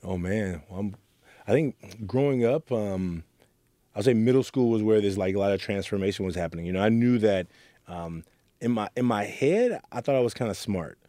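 Earnest man with a dark, mellow voice. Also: on the low side, expressive, normal speed, dry recording, clean studio sound. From Oakland, California. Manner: earnest, storytelling, acts out quoted voices. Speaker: guest, youth mentor. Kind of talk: reflective interview answers.

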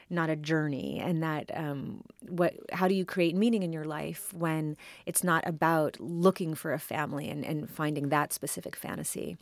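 A woman in her forties, a writer being interviewed, talking in a thoughtful, halting way with frequent restarts. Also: sits low, darkish tone, no room sound, clean studio sound. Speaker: writer and guest. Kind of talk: conversational interview.

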